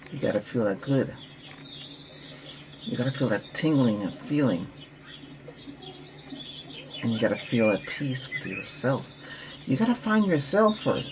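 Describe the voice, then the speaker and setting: A man who practices Reiki gives a rambling relaxation talk, guiding breathing and coaching gently while repeating himself. His voice is mid-range, heard over a noisy background.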